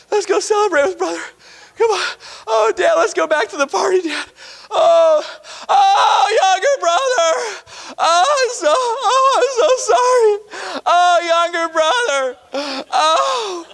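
A man's voice: extremely high pitch, vocal fry, pitched above the performer's own voice, full character voice. A man voicing a grown elder son who is crying and pleading with remorse. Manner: sobbing, pleading cries.

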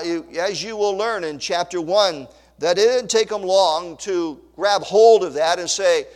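A man's voice: high-pitched, big-room sound. A male pastor delivering an emphatic sermon, repeating key phrases and reading scripture aloud.

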